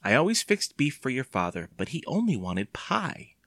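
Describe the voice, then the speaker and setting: In a dry, close recording, a man puts on a hulking old aunt with a deep, booming voice that leers and teases. Her lines roll loud and hearty, rising and dipping all over the place in a storybook telling. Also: wildly swooping pitch, moderate pace, no room sound, exaggerated voice. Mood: teasing.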